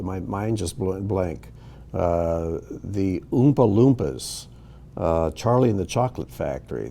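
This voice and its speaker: A man teaching a recorded language lesson, talking slowly and patiently. His low voice moves up and down a lot. He pauses on "um" and corrects himself now and then. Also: warm tone. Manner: patient, explanatory, with fillers and self-corrections. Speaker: Hebrew teacher.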